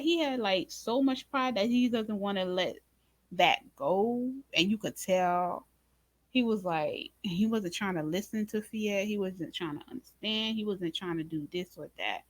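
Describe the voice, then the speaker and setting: A woman hosting a casual recap of a drama episode, speaking to viewers in an informal, expressive way and acting out her own reactions. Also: medium pitch, unhurried, no room sound. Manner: animated, talks to viewers as "y'all" and "baby"; acts out her own reactions in quoted asides. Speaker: reaction channel host.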